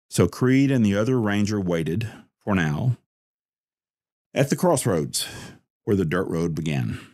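Male storyteller, deep and unhurried, dry close sound, scripted crime narration. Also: darkish tone, no room sound.

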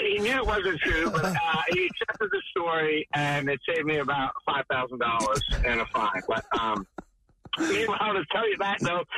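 A man telling an animated, laughing golf story as a guest. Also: sits high, slight background noise, rough recording. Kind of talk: casual storytelling.

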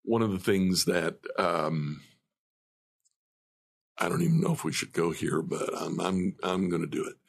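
Husky, gravelly man on a faith podcast. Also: sits low, expressive, unhurried, long pauses. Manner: laughs often, thoughtful, retells scripture. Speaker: podcast co-host. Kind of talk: casual faith discussion.

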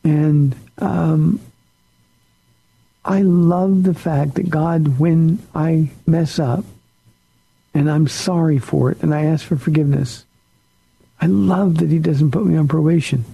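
A man's voice: a little high, fairly even intonation, slow, vocal fry, long pauses, warm tone, slightly rough, poor audio. A pastor on a call-in radio show, a man answering listener questions in an earnest, plain-spoken way.

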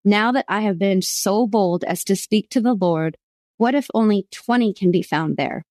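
A woman's voice: medium pitch, normal speed, a little mellow, dry recording, close to an everyday voice. A woman reading the lines of Abraham, an old man pleading earnestly with God, with added emphasis.

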